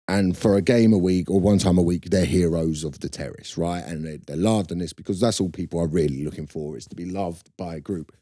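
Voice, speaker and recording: A man in his thirties co-hosting a casual comedy podcast, telling animated stories and slipping into mocking voices. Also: low-pitched, dry recording, clean studio sound. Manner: animated storyteller, slips into mocking impressions. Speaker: podcast co-host.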